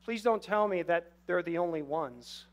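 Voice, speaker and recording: A man's voice: sits high, expressive, moderate pace. A man preaching as a guest pastor in a church, earnest and conversational, addressing the congregation with rhetorical questions. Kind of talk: sermon. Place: church sanctuary.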